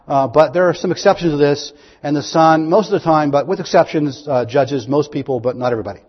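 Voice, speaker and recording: A man preaching a sermon, reading scripture aloud and asking his listeners questions, rising to loud, high proclamations. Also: expressive, a little fast, hardly any pauses, breathy edge. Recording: dull, long-echo hall recording.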